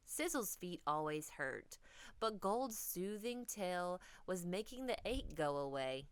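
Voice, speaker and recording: A woman reading a children's storybook aloud, expressive and dipping into whispers for drama. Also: on the low side, slow, clean tone, no room sound.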